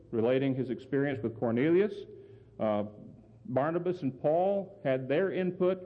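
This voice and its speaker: A man preaching a sermon and explaining scripture, earnest and emphatic, often putting questions to his listeners. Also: on the high side. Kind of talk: sermon, Bible exposition. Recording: phone-like sound with long hall reverb.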